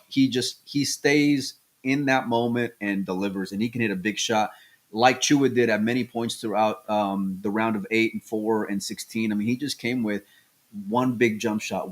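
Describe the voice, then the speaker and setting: Low-voiced excitable podcast co-host man. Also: normal speed. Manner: excitable, restarts often, tells stories. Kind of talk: casual chat.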